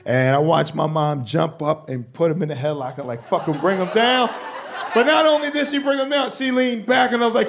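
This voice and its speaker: A young adult man doing stand-up comedy, telling animated, profane stories. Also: high voice, brisk, creaky, a faint crowd, a little hiss or hum.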